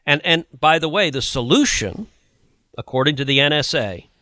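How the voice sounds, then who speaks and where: Male podcast host, sarcastic and indignant, bright forceful voice, dry close sound. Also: fairly high pitch, expressive, moderate pace, no echo. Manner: indignant, sarcastic, reads quotes aloud. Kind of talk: opinionated political commentary.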